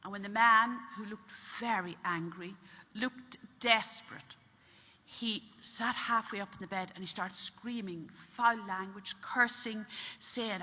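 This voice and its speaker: A woman's voice: medium pitch, lo-fi sound. Earnest woman storyteller in a reverberant hall. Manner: earnest, unhurried storytelling with pauses and restarts. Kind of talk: spoken story in a religious talk.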